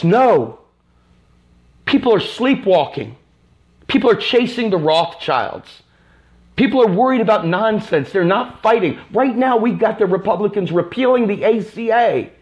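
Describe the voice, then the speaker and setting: Angry guy ranting on his live stream, high-ish voice, keeps repeating himself and cussing. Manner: angry, emphatic, repetitive, profane. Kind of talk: impassioned political rant.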